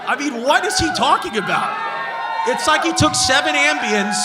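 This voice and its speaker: A man with a New York accent doing brash, profane stand-up crowd work, roasting hecklers and often shouting. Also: extremely high pitch, big pitch swings, moderate pace, heavy background noise. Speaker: stand-up comedian. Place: comedy club stage with a laughing crowd. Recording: live club audio with crowd laughter.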